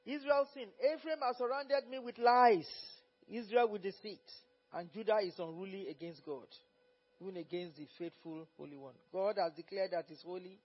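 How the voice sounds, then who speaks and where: A man preaching at a Bible study as pastor, fervent and repetitive, rising to loud exhortation. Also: sits high, steady tone, moderate pace, breathy edge. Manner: fervent, repeats phrases, rises to loud exhortation. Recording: dull lo-fi recording.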